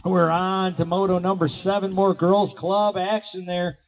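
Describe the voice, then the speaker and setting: A man announcing races live at an outdoor BMX track, with energetic play-by-play full of rider nicknames. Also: high voice, normal speed. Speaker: race announcer. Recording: tinny, phone-like sound.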